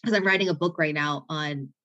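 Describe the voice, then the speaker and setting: Effusive motivational woman, low voice. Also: brisk, pushed and bright, dull audio. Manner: effusive, laughs often, motivational. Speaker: podcast guest; author writing a self-care book. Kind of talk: enthusiastic conversation.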